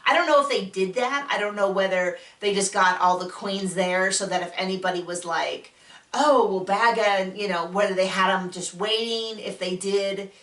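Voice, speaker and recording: A woman hosting a casual spoken TV recap, chatty and enthusiastic, acting out quotes with sudden jumps in pitch. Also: steady tone, moderate pace, few pauses, fairly bright tone, far from the mic. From United States. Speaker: podcast host reviewing a TV show. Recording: echoey room, voice a bit off-mic.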